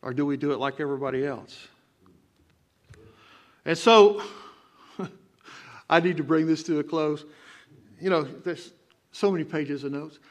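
A man from Texas preaches in a drawling Texan accent, his voice sitting a little high for a man. He builds from steady teaching into emphatic, rising bursts of exhortation, the sound of a church sermon. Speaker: pastor. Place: church sanctuary.

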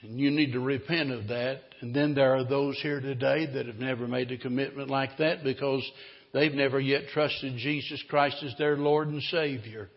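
Dramatic preacher in a reverberant church. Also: male voice, mid-range voice, fairly even intonation, moderate pace. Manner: dramatic, swings between loud and hushed. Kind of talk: sermon with storytelling. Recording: dull recording, long hall reverb.

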